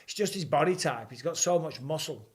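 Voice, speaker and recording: A man, hosting a live fight watch-along and calling the action with rising excitement. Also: on the high side, a little fast. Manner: excitable, rising for big moments. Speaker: host. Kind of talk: live fight commentary and chat.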